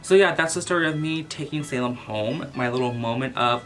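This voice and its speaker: A man vlogger telling a casual storytime about his pet, animated and full of exclamations. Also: mid-range voice, a little fast, few pauses, faint music behind. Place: at home with his cat.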